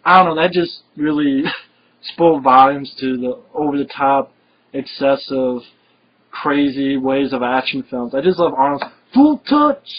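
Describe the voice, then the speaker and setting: A man's voice: medium pitch, fairly even intonation, a little slow, a little hiss or hum. A man talking casually and enthusiastically about an action movie he loves, rambling with many fillers. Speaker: film reviewer. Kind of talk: casual film review chat. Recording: dull lo-fi recording.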